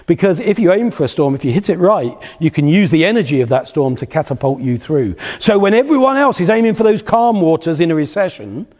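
A man's voice: on the high side, very animated, fairly quick, few pauses, darkish tone. A man giving a live motivational business talk, telling anecdotes and repeating phrases for rhythm. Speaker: business speaker. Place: lecture hall at a live event. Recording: long hall reverb.

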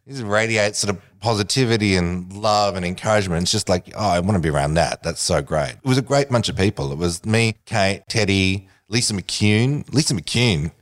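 A man's voice: lowish voice, brisk, hardly any pauses. A middle-aged man, a guest, telling a funny story with lots of laughs and acted-out voices. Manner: animated storyteller, acts out voices, laughs often. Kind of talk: casual anecdote telling.

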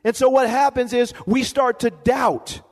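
A man with a very high voice preaches a sermon to his congregation. He calls for amens and repeats words as he drives each point home. His voice rings out with a long reverb, as in a church sanctuary. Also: unhurried. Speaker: pastor.

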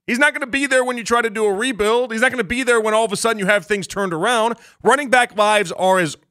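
A man hosting a sports talk radio show, delivering an animated, jokey, rapid-fire monologue to callers and listeners. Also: high-pitched, clear, resonant tone.

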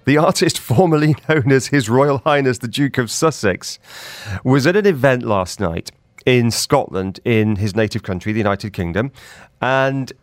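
A man hosts a breakfast radio show in a casual, chatty way, laughing easily between stories. His voice sits at an ordinary middle pitch. The studio mic sounds dry and close. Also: animated, moderate pace, no echo.

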